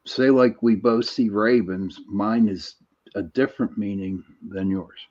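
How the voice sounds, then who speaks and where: A man's voice: on the low side, fairly even intonation, a little slow, a little mellow, lo-fi sound. A middle-aged man hosting a podcast, easygoing, reading out viewer comments and sharing family stories. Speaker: podcast host. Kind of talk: casual podcast chat.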